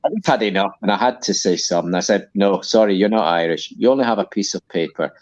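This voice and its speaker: A deep-voiced man joins a livestream as a guest and tells long, rambling anecdotes. His voice comes through slightly dull and lo-fi, like a remote call connection. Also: expressive, fast talker, darkish tone. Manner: long-winded anecdotal storytelling. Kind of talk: casual live-stream chat.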